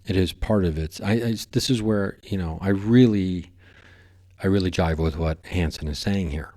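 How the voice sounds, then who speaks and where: In this casual podcast monologue, the male host talks at a normal pace in a low-pitched voice with a dark tone. He wanders from point to point in a playful manner, frequently tripping over what he's saying.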